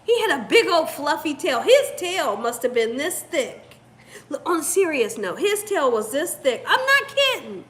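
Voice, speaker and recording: A woman hosting a channel, telling a story in an animated, casual way and talking straight to viewers. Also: sits high, normal speed. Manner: animated, addresses viewers as "y'all". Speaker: cooking channel host.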